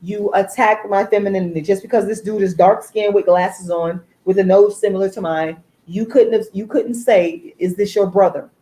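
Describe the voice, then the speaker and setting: A woman, hosting a live stream and venting in a deliberate, emphatic way, repeating herself. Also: medium pitch, steady tone, dark tone, poor audio. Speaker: livestream host.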